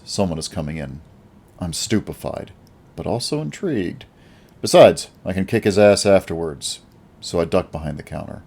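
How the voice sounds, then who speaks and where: A man narrating a first-person action audiobook in a wry, lively storytelling manner. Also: sits low.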